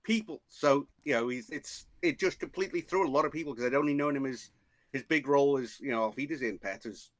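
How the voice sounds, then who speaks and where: A man's voice: mid-range voice, fast talker, no room sound. A man who is a guest on a podcast, chatting casually about a film and often repeating words as he thinks.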